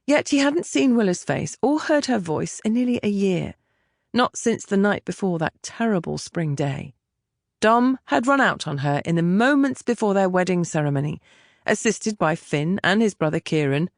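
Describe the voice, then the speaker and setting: Woman narrating a romance audiobook, lively pitch, dry close sound. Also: no echo. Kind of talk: scripted narration.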